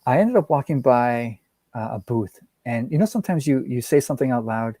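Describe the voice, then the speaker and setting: Rambling man with a mellow voice. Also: mid-range voice, expressive, brisk, no room sound. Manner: rambling, laughs often, many restarts. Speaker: guest comic art collector. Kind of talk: casual chat.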